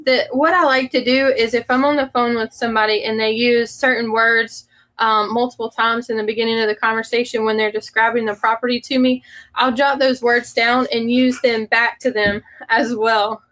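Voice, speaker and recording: Woman, Southern accent, fairly high voice, friendly co-host, casual chat. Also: level tone, normal speed, fairly bright tone, rough recording. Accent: Southern American. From southern United States. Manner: friendly, chatty, lightly laughing.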